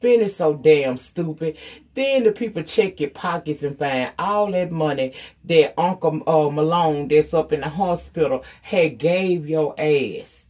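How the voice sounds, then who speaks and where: A woman's voice: low-pitched, measured pace, a little mellow. Blunt, profane woman recapping a show. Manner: blunt, profane, sassy commentary; acts out the characters' lines while retelling. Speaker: TV recap reviewer. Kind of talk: casual off-the-cuff episode recap.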